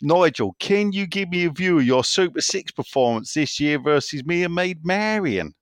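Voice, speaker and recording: Man putting on a jolly Somerset listener, exaggerated sing-song accent, high and loud. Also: animated, moderate pace, no echo, studio quality, natural voice. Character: cheery West Country male listener.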